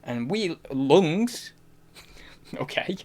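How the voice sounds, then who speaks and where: A man's voice: on the high side, expressive, extremely slow, a little mellow. A man from the UK chatting casually on a live stream. He rambles, corrects himself as he goes and laughs easily. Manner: rambling, self-correcting, giggly.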